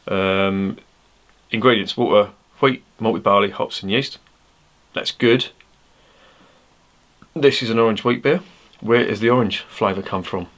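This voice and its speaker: Blunt and self-mocking, this man rambles through a beer review, cursing freely and chatting away. His voice is on the low side with a fairly bright tone, captured on his original mic, not a clip-on.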